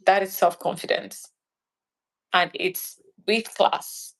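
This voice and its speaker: A woman's voice: medium pitch, unhurried, vocal fry. A woman from Nigeria, a guest in an interview chat, talking animatedly and acting out little scenes. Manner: animated, acts out little scenes in quoted voices.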